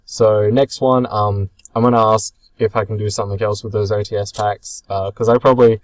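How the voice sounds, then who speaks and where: A young man with a fairly low voice talks through footage of his card game match in a loose, chatty way. He rambles, says um a lot and stops to correct himself. The sound is dry and close, with hardly any room around it. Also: flat delivery, brisk, no room sound, rough recording. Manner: chatty, rambling, self-correcting with many ums. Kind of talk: casual commentary over match footage.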